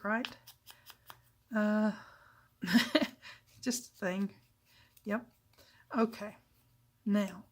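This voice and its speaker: A middle-aged woman hosting a casual crafting tutorial, chatty and self-deprecating, with frequent asides as she works. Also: a little high. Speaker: papercraft channel host.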